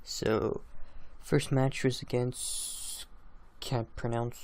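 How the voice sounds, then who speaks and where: A man's voice: medium pitch, flat delivery, very slow. A drowsy young man recapping his online game battles in a casual, rambling way, laughing at his own plays. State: drowsy, just woke up. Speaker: gaming channel host.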